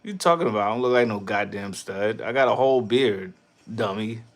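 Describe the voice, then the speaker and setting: A man hosting a casual livestream, reading chat and riffing loudly with profane jokes, from New York. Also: fairly low pitch, fairly quick. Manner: loud, profane, laughing riffs.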